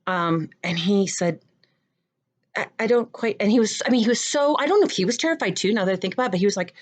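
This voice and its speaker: A middle-aged woman, a theater professor, telling a personal story and acting out the dialogue with animated jumps in her voice. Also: medium pitch, rapid-fire.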